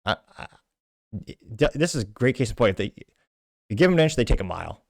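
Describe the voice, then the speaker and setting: A man's voice: medium pitch, very animated, fairly quick, vocal fry, no echo, studio quality. A man from Texas hosting a political commentary show, delivering blunt, indignant rants with heavy emphasis.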